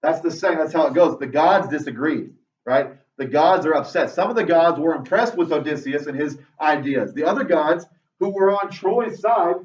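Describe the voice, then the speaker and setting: A male English teacher giving a lively classroom lecture to students, ending nearly every sentence with "right?". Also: fairly high pitch, normal speed. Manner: tags most sentences with "right?"; lively, talks straight to students. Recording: roomy, dull classroom audio from far off.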